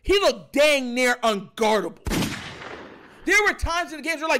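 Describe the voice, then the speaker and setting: A man hosting a sports show, ranting in animated, filler-heavy commentary about his team. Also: very high-pitched, moderate pace. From Jamaican family.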